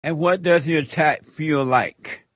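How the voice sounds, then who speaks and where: A man's voice: fairly high pitch, a little slow, a bit bright, no echo. A man hosting a call-in radio show, rambling and laughing as he gives spiritual counsel.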